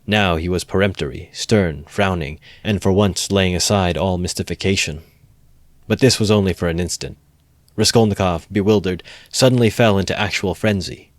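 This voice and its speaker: Brief: low-voiced male amateur reader, measured novel narration, dry close sound. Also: no echo. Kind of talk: reading a classic novel aloud.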